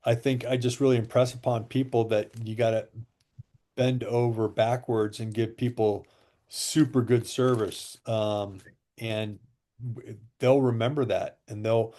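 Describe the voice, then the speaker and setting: This interview guest, a man who sells water machines, has a medium-pitched voice and takes his time. In a casual chat, he spins sales stories with lively energy, performing the quotes of the people involved.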